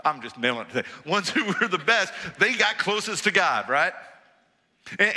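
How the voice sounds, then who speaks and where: Male preacher, high and bright, animated storyteller, church hall echo. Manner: animated storytelling, acts out quoted voices. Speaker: pastor. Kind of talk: sermon. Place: church auditorium.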